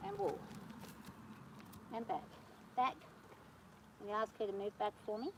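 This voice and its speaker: A woman vlogging from horseback on her farm, talking nervously and gently soothing her horse. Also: mid-range voice, big pitch swings, a little fast, background noise. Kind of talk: casual spoken vlog.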